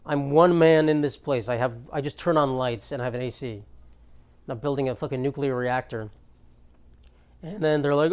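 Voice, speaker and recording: A man's voice: mid-range voice, moderate pace, darkish tone, smooth. Ranting young man comedy monologue. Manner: ranting, exasperated, profane storytelling. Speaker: comedian podcast host. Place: apartment.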